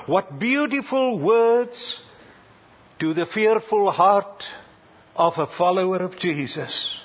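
A man preaching a sermon, swinging dramatically from loud cries down to near-whispers, with halting pauses and fillers. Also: sits high, lively intonation. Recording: dull lo-fi recording.

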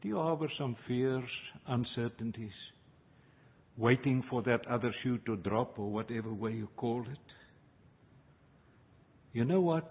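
A man preaching a sermon as pastor, slow and measured, with dramatic pauses between phrases. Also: medium pitch, slightly rough. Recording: tinny phone-like sound.

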